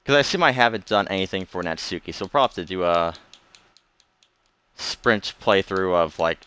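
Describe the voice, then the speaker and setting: A man's voice: low voice, animated, fairly quick, sharp tone, clear, resonant tone, no room sound. A man casually commenting on a visual novel as he plays and reading its narration aloud, musing and unsure. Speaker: let's play streamer. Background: game music.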